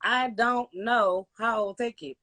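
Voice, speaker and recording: A woman chatting as a podcast guest, expressive and quick with her asides. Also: a little high. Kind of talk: casual podcast chat.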